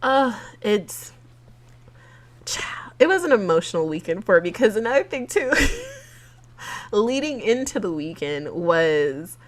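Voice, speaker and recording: Woman podcast host, solo casual monologue, giggly and emotional, unhurried delivery. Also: medium pitch, sing-song. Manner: chatty, giggly and emotional, with frequent laughs and fillers.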